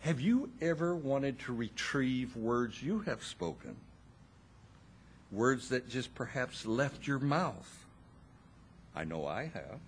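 A man preaching a sermon, slow and expressive, with dramatic pauses and wry asides to his listeners. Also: mid-range voice, a little hiss or hum.

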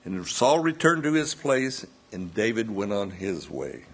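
A man preaching a sermon, slowly retelling a scripture story and voicing its quoted dialogue. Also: on the low side, very animated, slight background noise. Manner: slow, measured retelling with quoted dialogue and self-corrections.

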